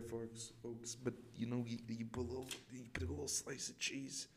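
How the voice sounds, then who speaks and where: A man's voice: medium pitch, little pitch movement, normal speed, gravelly, a little hiss or hum. A man hosting a comedic podcast outdoors on a college campus, rambling with lots of fillers and repeats. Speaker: podcast host.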